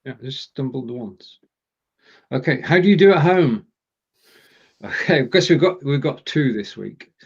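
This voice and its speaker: A man's voice: mid-range voice, expressive, unhurried, pauses often, husky, highs cut off. A man co-hosting a casual live language lesson, joking as he stumbles through German phrases. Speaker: co-host and learner.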